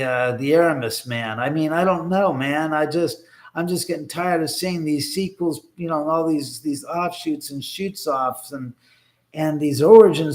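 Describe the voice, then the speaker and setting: A man hosting a casual livestream from his home, rambling and sarcastic, swearing freely and answering viewer comments as they come in. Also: on the high side. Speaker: livestream host.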